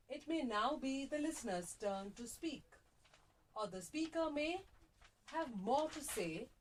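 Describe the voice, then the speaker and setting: A woman reading a language lesson aloud in a deliberate, sing-song way, recorded in a small radio prerecording room. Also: fairly high pitch. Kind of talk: slow, carefully read-aloud lesson on punctuation and intonation. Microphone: phone test broadcast.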